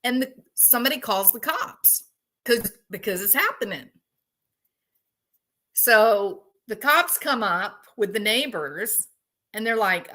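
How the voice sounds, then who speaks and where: A woman hosting a casual chat with her viewers, telling animated stories and laughing often. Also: a little high, slow. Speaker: host.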